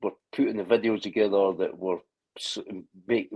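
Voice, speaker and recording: Husky guy on a video call, rambles, swears, keeps restarting. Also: fairly low pitch, steady tone, moderate pace, a little mellow, highs cut off. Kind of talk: casual chat.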